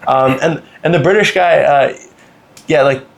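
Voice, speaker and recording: A man's voice: on the high side, a little slow, gravelly. A young man from Canada hosting a podcast, telling a travel story casually with many fillers. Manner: relaxed, lots of fillers and laughs. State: recovering from a cold. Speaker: podcast host. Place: indoors, on vacation.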